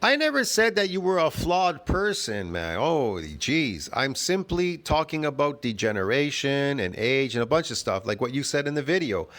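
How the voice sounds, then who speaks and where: A combative man argues with a video he is reacting to, tossing in "bro" and "get it?" as he goes. His voice sits fairly high for a man and stays scoffing and insistent throughout. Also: big pitch swings, normal speed, hardly any pauses, fairly bright tone. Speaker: fitness vlogger reacting to a video. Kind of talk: argumentative reaction commentary.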